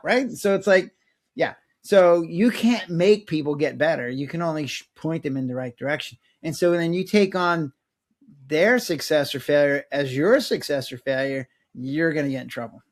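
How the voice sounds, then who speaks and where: A middle-aged man, a former doctor, talking casually in an interview and acting out quick bits of dialogue. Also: a little high. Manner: animated, acts out patients' and his own lines in voices. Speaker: guest, former physician.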